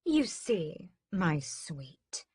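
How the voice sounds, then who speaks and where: Woman reader doing a grand, scheming vampire matriarch for an audiobook, high and dry-voiced. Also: big pitch swings, drawn-out words, a little mellow, slightly rough, no room sound, exaggerated voice. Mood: grand, mocking. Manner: grand, high-pitched, swings from sobbing to gloating. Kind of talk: audiobook character voice.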